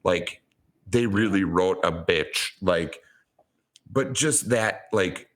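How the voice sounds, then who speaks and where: A man's voice: low-pitched, slow, fairly bright tone. A young man co-hosting a podcast, ranting sarcastically and swearing often in casual chat. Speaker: podcast co-host.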